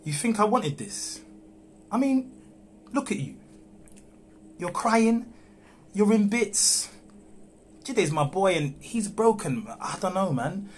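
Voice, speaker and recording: A man reads a young man ending an affair in a live read-through, slow, calm and measured. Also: high voice, slight background noise, exaggerated voice. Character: young man backing out of an affair with a married woman. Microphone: phone on a livestream.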